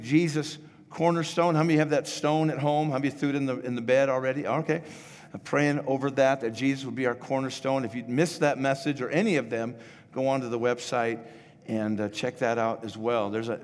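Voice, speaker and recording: A man in his fifties preaching a sermon as pastor, casual and rambling with frequent restarts. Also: medium pitch. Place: church sanctuary. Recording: echoey church hall.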